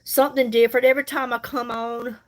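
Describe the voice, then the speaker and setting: Give me a folksy woman, somewhat high-pitched, casually chatting with viewers and greeting them by name on a makeup livestream. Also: level tone, fast talker, slight background noise. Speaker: makeup livestream host and seller. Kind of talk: casual live chat while doing makeup.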